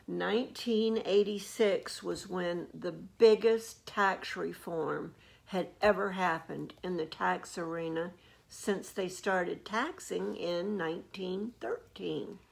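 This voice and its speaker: A woman guest who does taxes for a living, speaking slowly in an easygoing way. Her voice has a gravelly fry, and she pauses on fillers as she talks. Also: lowish voice, fairly even intonation. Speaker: tax preparer guest. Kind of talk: casual interview.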